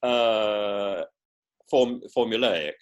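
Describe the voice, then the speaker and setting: A man chatting as a podcast guest, animated and theatrical, often restarting and repeating words as he thinks. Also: lowish voice, very slow, lo-fi sound. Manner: animated, theatrical, breaks into put-on voices. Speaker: podcast guest, professor and former politician. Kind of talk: casual interview chat.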